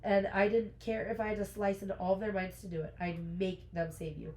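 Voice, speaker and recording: A woman's voice: medium pitch, level tone, echoey room, close to an everyday voice, low-quality recording. A woman reading as a brooding male fae lord. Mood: earnest. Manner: reads book lines aloud, hurried and soft.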